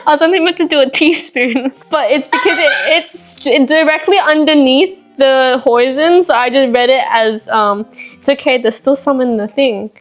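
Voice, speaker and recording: A woman's voice: sits high, moderate pace. A woman vlogging casually while cooking in a home kitchen, chatty and self-mocking as she talks to herself. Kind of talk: casual cooking vlog chat.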